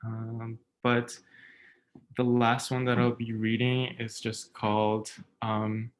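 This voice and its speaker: A young American man performs his spoken word poems in an even, level voice that barely rises or falls. Between pieces he drops into quiet, halting asides full of filler words before he starts the next reading. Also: medium pitch, rough recording. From United States. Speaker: poet.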